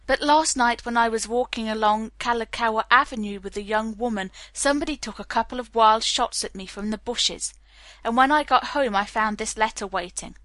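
A woman's voice: on the high side, normal speed, a bit bright, no room sound, lightly acted. A woman reading the part of a self-assured young man, wry and lightly teasing.

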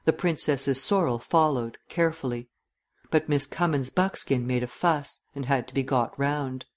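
A man narrating a literary audiobook in a measured, descriptive reading. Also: medium pitch.

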